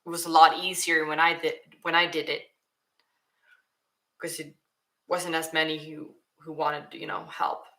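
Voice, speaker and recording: Lady streamer, lowish bright voice, rambles and restarts a lot. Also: little pitch movement, a little slow, pauses often. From Sweden. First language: Swedish. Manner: chatty, restarts often, reads chat aloud. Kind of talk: casual livestream Q&A.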